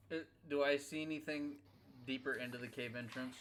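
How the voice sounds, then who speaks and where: A man's voice: mid-range voice, fairly even intonation, moderate pace, fairly bright tone, slight background noise. A man playing a tabletop game, sarcastic and joking. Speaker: player.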